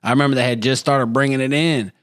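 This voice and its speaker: A man's voice: mid-range voice, fairly even intonation, fast talker, a bit bright, smooth, no room sound. A man talks about his prison years in a loose, slangy, easygoing way, laughing along as he goes. The recording is dry and close, with no room sound. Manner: laid-back, slangy, laughs often. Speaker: guest, former prisoner turned entrepreneur. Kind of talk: casual interview chat.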